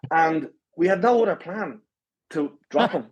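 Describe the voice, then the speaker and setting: Husky Irishman telling a story. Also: a little high, a little slow, highs cut off. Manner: animated, swears freely, says "right?" often. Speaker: podcast guest. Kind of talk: casual storytelling.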